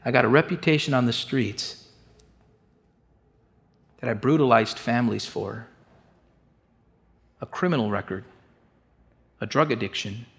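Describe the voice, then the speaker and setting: A man's voice: mid-range voice, unhurried, gravelly, long pauses. A man telling a candid, emotional testimony to a congregation in a streetwise way. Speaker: speaker giving a testimony.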